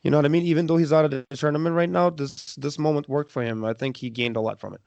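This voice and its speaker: Male podcast co-host, hoarse and gravelly, fairly high voice, dry close sound. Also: steady tone, darkish tone, no room sound. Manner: repeats himself, halting restarts. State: losing his voice. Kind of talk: casual chat.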